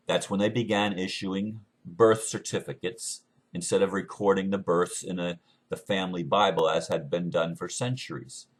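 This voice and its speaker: A man from the United States talking in an earnest, unscripted monologue, often halting and restarting his phrases. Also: lowish voice. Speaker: speaker sharing beliefs.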